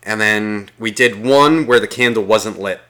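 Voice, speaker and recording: Man, bright tense voice, casual chat, profane rambling storyteller. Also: lowish voice, unhurried. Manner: acts out quotes of people in the story. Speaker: guest telling a story.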